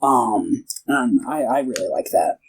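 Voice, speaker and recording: A young man chats through a film's plot on a casual podcast. He rambles and stops to act out each character's lines. His pitch sits at an ordinary middle level. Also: lively intonation, measured pace, low-quality recording. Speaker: podcast co-host. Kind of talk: casual film podcast chat.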